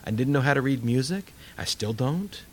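A man's voice: mid-range voice, lively intonation, moderate pace, a little hiss or hum. An older man preaching a sermon, telling stories animatedly and acting out voices. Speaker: pastor.

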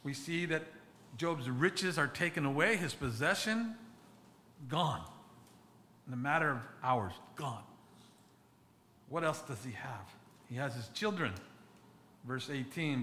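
Bright-voiced pastor preaching earnestly. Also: male voice, medium pitch, expressive, a little hiss or hum. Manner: earnest, halting, with many restarts and repeated words. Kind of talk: sermon.

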